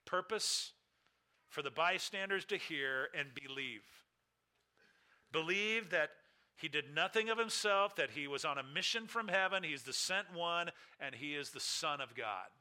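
A man preaching a sermon, emphatic, with big swings in loudness and pitch. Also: expressive, unhurried. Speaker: pastor.

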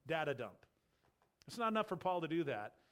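A man preaching a sermon as pastor, emphatic and building through repeated phrases, swinging between loud urging and quiet low asides. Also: very animated, quick pace. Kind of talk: expository sermon.

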